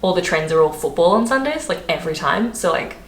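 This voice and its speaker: A woman's voice: lowish voice, expressive, quick pace. A young Australian woman vlogging in a casual, chatty way, laughing often and using lots of fillers. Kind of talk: casual chat to camera. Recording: echoey room, faint background noise.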